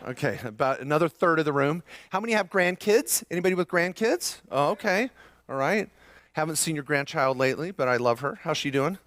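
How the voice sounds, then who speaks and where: A middle-aged man giving a live seminar talk to a room of listeners, lively and joking, often questioning the audience. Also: on the high side, brisk, no room sound. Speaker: seminar presenter.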